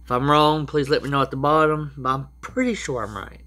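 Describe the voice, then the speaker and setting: A man's voice: mid-range voice, steady tone, a little fast, pushed and bright. A man giving rambling, casual how-to advice as a prepper vlogger, with frequent restarts and asides.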